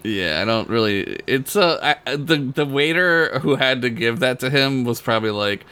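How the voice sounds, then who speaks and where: A man's voice: medium pitch, expressive, normal speed, sharp tone, clear, resonant tone. A young man co-hosting a casual comedic recap podcast, laughing and joking often. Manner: laughing, joking, trades silly voices. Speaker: podcast co-host.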